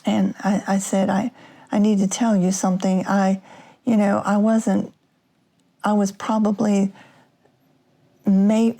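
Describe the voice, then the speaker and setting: Female podcast host, slow and halting storyteller, dark gravelly tone. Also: mid-range voice. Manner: halting, many restarts and fillers. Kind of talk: personal storytelling.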